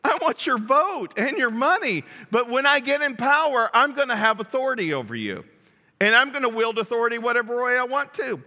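A preacher puts on a smarmy politician in a high, sugary, patronizing voice that carries a sharp, forceful edge. The sound rings out in a big echoey hall. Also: male voice, animated, fairly quick, full character voice. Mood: fawning. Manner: mock-sweet, patronizing. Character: smarmy male politician, fawning then domineering.

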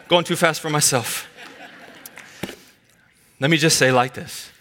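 A man preaching a sermon, swinging between loud fervent passages and quiet, hushed stretches. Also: fairly high pitch, a little slow, long pauses. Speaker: pastor.

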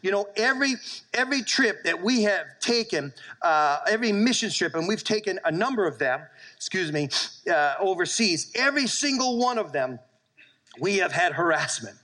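A middle-aged male pastor preaching a sermon, telling animated stories and calling for amens from his church. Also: high voice, moderate pace, poor audio.

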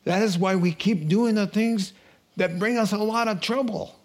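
A man preaching a sermon in an animated way, acting out the voices of a crowd and rising into excited bursts. His voice sits a little high for a man. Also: normal speed.

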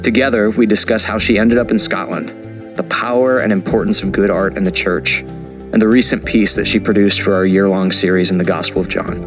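A lower-pitched man reads a scripted podcast introduction in a measured, earnest tone. Music plays clearly underneath him. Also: fairly even intonation. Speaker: podcast host.

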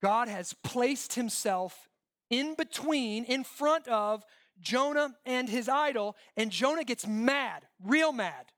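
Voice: mid-range voice, animated, takes it slowly, fairly bright tone. A pastor preaching a sermon in an emphatic way, using repeated lists and rhetorical questions and checking in with listeners often.

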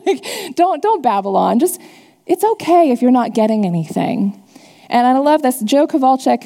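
A woman preaching a sermon in a relaxed, conversational way, with quick asides and the odd laugh. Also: on the high side, gravelly. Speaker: pastor. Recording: long hall reverb.

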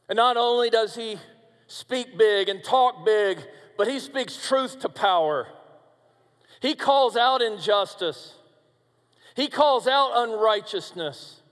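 A man delivers a sermon in a high, unhurried voice, pausing on his lines. He swings from booming declarations to near-hushed pleas and speaks to his listeners as friends. A long reverb trails each phrase, as if in a large hall. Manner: addresses listeners directly as friends. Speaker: preacher.

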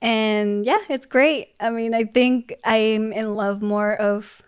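Giggly woman guest, soft-spoken. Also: a little high, fairly even intonation, takes it slowly, clean tone. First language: Spanish. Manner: soft, laughs often, many fillers. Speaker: podcast guest. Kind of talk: casual interview chat.

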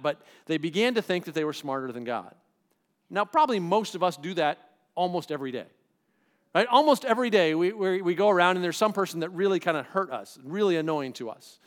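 High-voiced conversational male preacher. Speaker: pastor. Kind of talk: sermon.

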